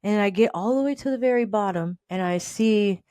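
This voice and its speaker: A woman telling a story in a relaxed, chatty way, acting out the people in it with lively voices and laughing often. Her voice sits at an ordinary middle pitch. The sound is dry and close, with no room echo. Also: fairly quick. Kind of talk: casual storytime.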